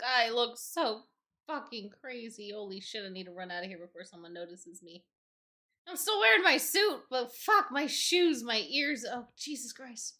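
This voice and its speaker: A woman's voice: medium pitch, sharp tone. A woman streaming a role-play game as a judge, talking frantically, swearing constantly and laughing a lot.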